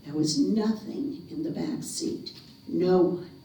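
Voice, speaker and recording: A woman's voice: fairly low pitch, warm tone, slight background noise. Theatrical woman storyteller, very echoey. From North Carolina. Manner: dramatic, slows and drops to a whisper for suspense. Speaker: folk storyteller. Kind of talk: theatrical ghost-story telling. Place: living room of a retirement community. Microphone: room camera mic at a distance. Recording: echoey room, mic far off.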